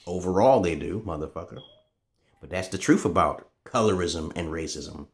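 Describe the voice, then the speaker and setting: A man in a casual, profane ranting monologue to camera, swinging between loud outbursts and low muttering. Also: moderate pace. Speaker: vlogger.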